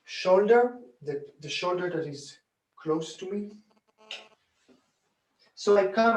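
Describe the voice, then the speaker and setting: A man, a bodywork teacher, calmly explaining a hands-on demonstration and chanting rhythm sounds as he works. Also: sits high, faint music behind. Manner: calm, unhurried, counts and chants rhythm sounds while demonstrating. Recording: echoey room, voice from a distance.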